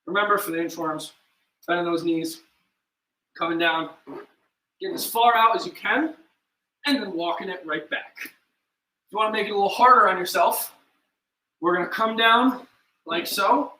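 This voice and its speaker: High, bright-voiced chatty fitness instructor man. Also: moderate pace, long pauses, a little hiss or hum. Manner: chatty, self-deprecating, counts down reps. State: out of breath at times. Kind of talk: live workout class instruction. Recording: echoey room, mic at a distance.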